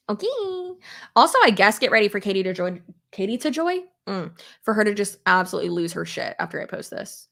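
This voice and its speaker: A woman's voice: mid-range voice, vocal fry, a bit bright. A young adult woman chatting casually on a live stream while doing her makeup, rambling with lots of fillers and answering viewers' comments.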